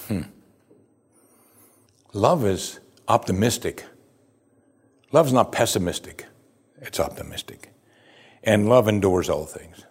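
A man preaching a sermon as pastor, earnest and emphatic, often dropping his voice to a hushed close. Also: lowish voice, expressive, unhurried, long pauses, breathy edge.

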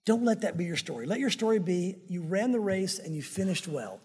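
A male pastor delivers an emphatic, conversational sermon from the pulpit. His voice sits fairly high and has a husky grain. A long hall reverb trails each phrase. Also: lively intonation, brisk, a little mellow. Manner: emphatic and conversational, addressing the crowd as guys.

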